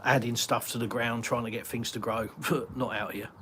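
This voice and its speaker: A man's voice: medium pitch, level tone, moderate pace, a bit bright, slight background noise. An English man from Britain hosting a casual live Q&A from his garden, rambling and chatty with many ums and uhs as he reads viewer comments aloud. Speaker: live-stream host answering viewer chat.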